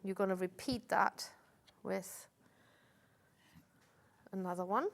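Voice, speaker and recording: A woman's voice: medium pitch, takes it slowly, vocal fry. A woman demonstrating a craft on a live shopping-channel show in a TV studio. She explains each step patiently, with frequent "um"s and restarts.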